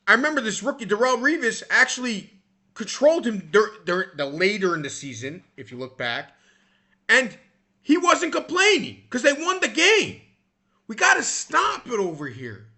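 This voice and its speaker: A man's voice: high-pitched, bright, forceful tone. A young man delivering a heated, exasperated opinion rant on sports, often restarting his sentences. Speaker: sports commentator.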